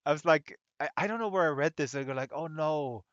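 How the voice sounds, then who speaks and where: A man hosting a casual chat, telling rambling, animated stories with many restarts. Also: on the high side, rapid-fire, no echo. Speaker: host. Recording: dull lo-fi dry audio.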